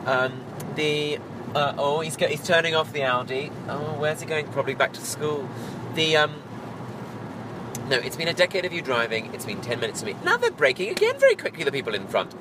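A man's voice: a little high, normal speed. A man co-hosting a casual chat from the passenger seat of a car, making dry, sardonic quips. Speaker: podcast co-host. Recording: car road noise.

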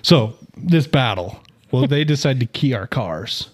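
A man's voice: mid-range voice, a little slow. A man hosting a casual podcast, telling a story with bursts of laughter. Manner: animated, laughs through his stories. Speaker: podcast host.

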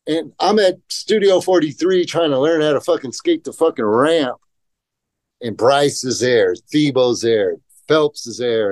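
This guest, a professional skateboarder, has a medium-pitched voice with a darkish tone. In a casual podcast interview he rambles through profane skateboarding stories, performing quotes along the way, recorded with no room sound.

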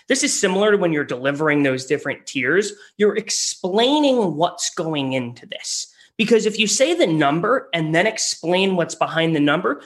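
A man co-hosting a sales advice podcast, lively and acting out customer and rep lines. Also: high voice. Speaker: co-host.

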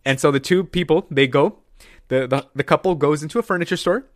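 A man's voice: on the high side, fairly quick, dry recording, studio quality. A young man chatting casually, ranting with lots of swearing and acting out quoted characters in mocking voices. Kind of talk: casual podcast chat.

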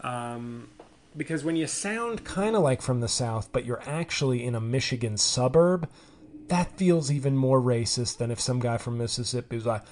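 Solo podcast host, a comedian man in his forties; rambling, dry, self-deprecating delivery at a mid pitch. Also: moderate pace, darkish tone. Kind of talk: casual solo podcast monologue.

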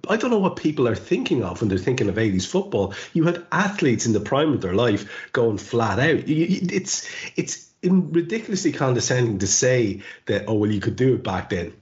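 A male podcast host of middling pitch argues with passion, stressing his words and often restarting his sentences. He chats casually with his guest. The sound is muffled and lo-fi. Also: very animated, fairly quick, few pauses. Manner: passionate and emphatic when making a point, with many restarts.

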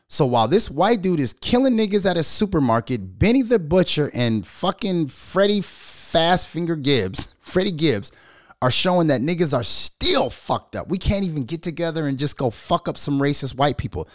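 A middle-aged man ranting in a loud, profane, storytelling way as a commentary vlogger. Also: on the high side, no echo, clean studio sound. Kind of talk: unscripted profane rant.

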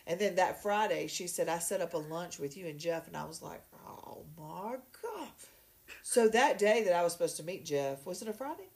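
A woman, a podcast guest, telling a story in a lively, casual way and acting out other people's voices. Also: on the low side, fast, vocal fry, few pauses. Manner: animated, acts out voices in her story.

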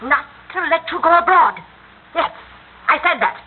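A woman's voice: sits high, lively intonation, moderate pace. An actress playing a domineering, possessive middle-aged wife and mother in an old radio drama, imperious and doting by turns. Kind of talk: 1950s radio acting. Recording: tinny old radio recording, faint hiss.

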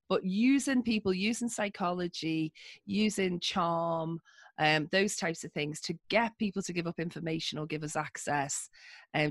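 A woman's voice: sits low, no echo. A woman with a Liverpool accent, a podcast guest telling stories in a chatty way, laughing often and filling gaps with ums. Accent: Liverpool (Scouse). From Liverpool, England. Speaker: podcast guest, social engineer. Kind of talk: casual interview storytelling.

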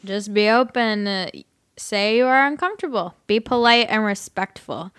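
A woman voicing a drunk, indignant man from a bad date, slurring slow and ranting. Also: medium pitch, lively intonation, a bit bright, clean tone, no room sound, clean studio sound, close to an everyday voice. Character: drunk belligerent adult male creep from a bad date.

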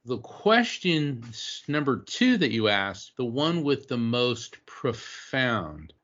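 A man, a guest on an interview show, telling animated travel stories with lots of fillers and restarts. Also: medium pitch, takes it slowly. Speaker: guest, psychic explorer. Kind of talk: casual interview storytelling. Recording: slightly dull lo-fi audio.

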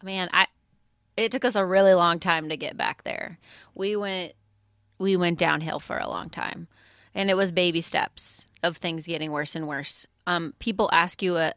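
A woman's voice: lowish voice, moderate pace, gravelly, a bit bright, dry recording, studio quality. A woman, a podcast guest, telling a candid personal story in a casual interview and laughing often. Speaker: podcast guest, spouse of a first responder.

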